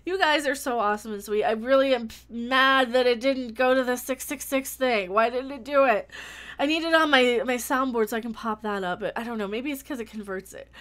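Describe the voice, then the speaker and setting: A woman hosting her own livestream in casual chat, talking freely with many restarts and thanking viewers by name. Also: sits high. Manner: chatty, thanks viewers warmly, frequent restarts. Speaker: YouTube channel host.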